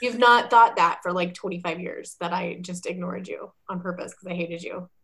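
A woman's voice: on the low side, moderate pace, vocal fry, a bit bright. A woman in casual chat as a podcast co-host, talking in a chatty way with many fillers.

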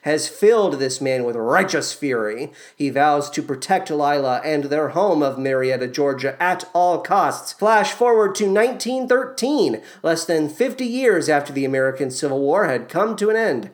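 Playful higher-voiced male podcast host. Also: normal speed, hardly any pauses. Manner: lively and playful, with asides. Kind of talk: scripted musical theatre recap.

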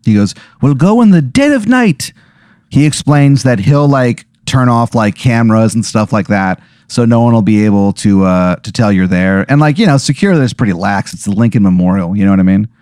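A man's voice: fairly low pitch, a little fast, hardly any pauses, darkish tone, clear, resonant tone, no echo, clean studio sound. A man co-hosting a comedy podcast, telling a rambling improvised story full of fillers and restarts. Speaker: podcast co-host.

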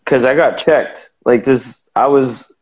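Guy w a boston accent rambling thru a story, lots of restarts, mid pitch. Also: steady tone, takes it slowly, rough recording. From Massachusetts. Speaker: guest. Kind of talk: casual chat.

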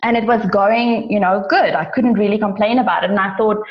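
A woman's voice: medium pitch, a little fast. Chatty woman in an echoey room. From South Africa. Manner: chatty, many fillers, animated in retelling. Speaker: online business owner. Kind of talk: personal storytelling. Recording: roomy, dull lo-fi sound.

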